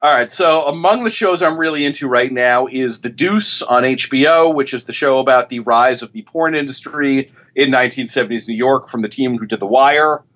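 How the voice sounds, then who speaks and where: A man's voice: medium pitch, normal speed, hardly any pauses, a bit bright. Rambling male critic, muffled sound. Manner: rambling, with frequent restarts and self-corrections. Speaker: television critic and author. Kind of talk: interview guest, storytelling.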